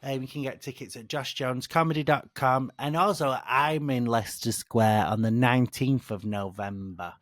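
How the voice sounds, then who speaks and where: A man co-hosting a comedy podcast, an animated storyteller who acts out what people said. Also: mid-range voice, normal speed, few pauses, no room sound, studio quality. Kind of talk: casual comedy chat.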